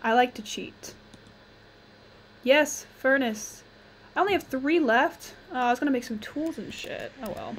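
A young woman giving casual, chatty commentary on her own gameplay, thinking aloud and quick to exclaim. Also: high-pitched, slight background noise. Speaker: gamer.

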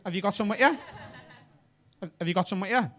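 A man's voice: sits high, moderate pace, a bit bright. A man with a Liverpool accent doing stand-up crowd work on a comedy club stage, cheeky and sweary as he banters with the audience.

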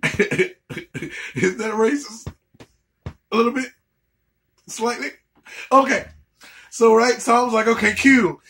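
A man's voice: extremely high pitch, slow pace, pauses often, bright, forceful tone. A man doing a profane comedic rant, stammering and repeating words as he goes.

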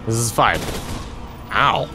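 A man's voice: fairly low pitch, lively intonation, slow pace, over music. Young brit guy lets-play commentary, sarcastic, swears constantly, lots of angry yelps. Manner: sarcastic, swears a lot, frustrated outbursts. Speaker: let's play gamer. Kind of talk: casual game commentary.

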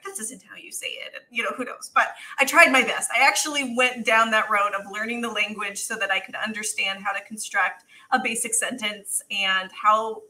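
Middle-aged woman podcaster, really bright voice, chatty and laughy. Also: medium pitch, low-quality recording. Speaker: podcast co-host, author. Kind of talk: casual chat.

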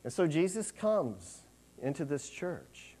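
A man's voice: fairly high pitch, big pitch swings, slow pace, darkish tone, husky. A man preaching a sermon in a conversational, rambling way, with many fillers and restarts.

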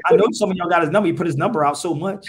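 A man's voice: high voice, racing. A man hosting a live podcast, ranting profanely and firing rhetorical questions at his viewers. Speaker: podcast host. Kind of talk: casual live-stream rant.

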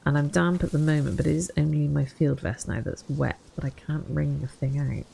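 A woman's voice: low-pitched, steady tone, a little fast, creaky, mellow, slight background noise. A young woman commenting wryly to herself as she plays a survival game for her channel. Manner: chatty, wry self-talk while playing. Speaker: gaming channel host. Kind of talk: casual gameplay commentary.

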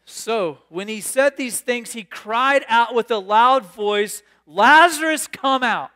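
A man preaching a sermon, reading scripture aloud and riffing on it with animated, excitable asides. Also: extremely high pitch, slow pace. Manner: animated, reads scripture then riffs with sudden bursts of excitement. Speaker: pastor.

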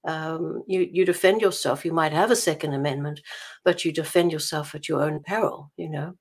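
South african lady chatting in an interview, lowish voice, lots of restarts. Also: normal speed, slightly rough. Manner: chatty, many restarts and laughs while telling anecdotes. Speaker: author being interviewed. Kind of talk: casual interview over a call.

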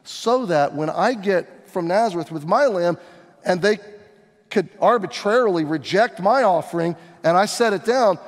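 A man preaching in a church hall, acting out the story in first person with lively, dramatic turns. His voice sits on the higher side for a man, and the long reverb of the room trails each phrase. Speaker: pastor. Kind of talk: sermon.

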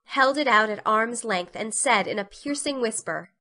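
A woman narrating a classic novel as a dramatic storybook reading, with expressive storytelling. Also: a little high, normal speed.

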